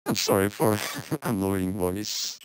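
Robot-filtered man, very deep and slow, crisp dry sound, hesitant live-stream host. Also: lively intonation, dry recording, rough recording. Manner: hesitant, apologetic, many fillers. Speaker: music producer hosting a live stream. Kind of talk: casual live-stream talk. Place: home studio.

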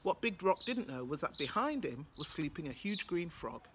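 A woman's voice: sits low, sing-song, normal speed, background noise. A woman from Britain with a British accent, telling a folktale with rhythmic, dramatic repetition. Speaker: storyteller. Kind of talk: oral folktale storytelling.

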